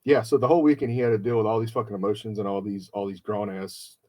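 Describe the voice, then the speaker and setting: A man's voice: fairly low pitch, little pitch movement, fast talker, mellow. Profane, storytelling podcast host man. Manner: profane, emotional, acts out quoted friends. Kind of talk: casual storytelling chat.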